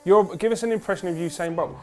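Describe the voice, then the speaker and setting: Playful quiz host, high-pitched, teasing. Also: male voice, quick pace, a little mellow, faint music behind. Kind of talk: casual comedy quiz hosting.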